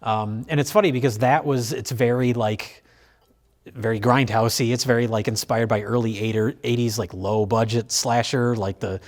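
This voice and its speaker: A man with a medium-pitched, steady voice hosts a film review show at a moderate pace. He rambles casually, full of fillers and restarts, and laughs easily.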